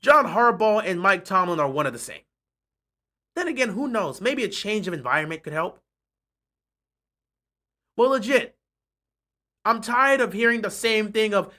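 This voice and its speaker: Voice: mid-range voice, very animated, normal speed, pushed and bright. A sports fan streaming a live reaction, ranting in a frustrated, sarcastic way and repeating points over and over.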